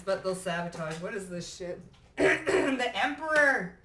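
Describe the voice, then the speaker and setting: A woman's voice: medium pitch, lively intonation, slow, pushed and bright, far from the mic, a little hiss or hum. Blunt, swearing woman tarot reader. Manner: blunt, profane and emphatic, often laughing. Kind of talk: casual tarot card reading to camera. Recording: echoey room.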